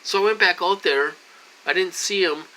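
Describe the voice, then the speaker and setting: Man, forties, chatty vlogger; bright, fairly high voice, rambling with restarts; faint room noise. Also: normal speed, poor audio. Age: 40s. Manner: rambling, restarts, addresses viewers as "you guys"; gets loud and agitated when retelling a confrontation. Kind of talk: casual rambling vlog monologue.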